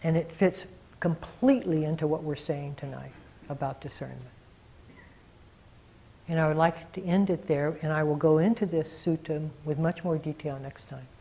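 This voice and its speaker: A male meditation teacher speaks to a gathered group in a dharma talk. He is reflective and earnest. He often slows down and leans on single words for emphasis. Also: fairly high pitch, gravelly, dark tone, a little hiss or hum, rough recording.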